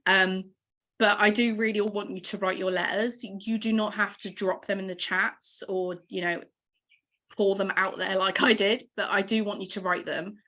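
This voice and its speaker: A woman's voice: medium pitch, fairly even intonation, normal speed, bright, forceful tone. Earnest woman on a video call. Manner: encouraging, earnest and emotional. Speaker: team leader giving a motivational training. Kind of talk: motivational talk on a video call.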